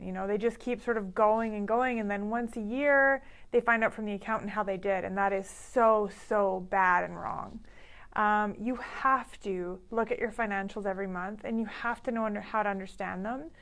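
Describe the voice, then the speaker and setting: A woman business coach talking casually and directly to camera in a live video, upbeat and quick to laugh. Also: mid-range voice, fairly even intonation.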